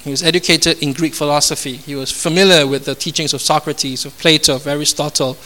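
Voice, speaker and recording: A man's voice: a little high, steady tone, a little fast, pushed and bright. A man preaching a sermon. He speaks emphatically, repeats phrases and asks the congregation rhetorical questions. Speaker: pastor.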